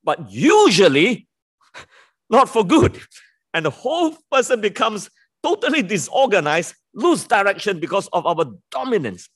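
A man's voice: high-pitched, unhurried, breathy edge. A man preaching a sermon, repeating key words and leaning hard on them, with a self-deprecating touch. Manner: lively, emphatic pulpit delivery with sudden drops on key words.

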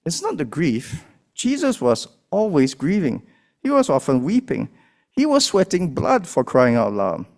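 Lively, emphatic male preacher. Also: fairly high pitch, unhurried, vocal fry. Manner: emphatic preaching with rising and falling dynamics. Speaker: pastor. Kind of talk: sermon.

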